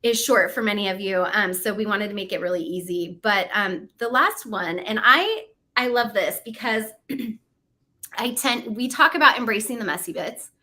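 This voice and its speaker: Upbeat midlife woman host, bright forceful voice, chatty and encouraging on a livestream. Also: mid-range voice, lively intonation, normal speed. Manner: chatty and encouraging, laughs often. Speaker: co-host of a goal-setting livestream. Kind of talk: casual motivational talk.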